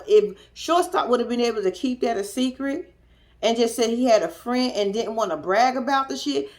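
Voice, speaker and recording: A woman's voice: fairly high pitch, a little mellow. A woman giving a casual, blunt recap of a reality show, talking straight to viewers with slang and cussing. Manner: chatty, addresses viewers directly.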